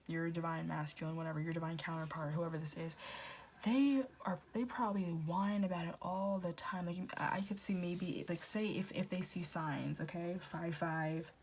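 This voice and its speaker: A young woman in her twenties talks through a pick-a-card tarot reading with a lowish voice. She is blunt and rambling, stumbling over restarts and fillers and swearing freely. A faint hiss sits under her voice. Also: fairly even intonation, normal speed, darkish tone. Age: 20s. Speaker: tarot reader.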